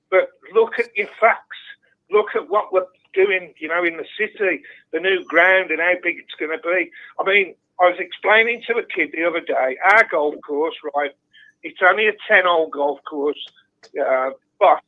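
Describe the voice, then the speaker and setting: A blunt, ranting man with a strong Birmingham accent rings in to talk football. His fairly high, gravelly voice comes through a thin, tinny phone line. He swears freely and does not hold back. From Birmingham, England. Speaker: phone-in caller. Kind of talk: casual football chat. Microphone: telephone.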